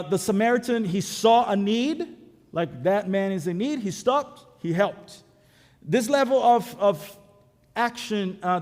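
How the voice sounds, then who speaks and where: In an echoey church sanctuary, a man with a high voice and darkish tone gives a sermon. He preaches like he's chatting and telling stories, poking fun at himself along the way.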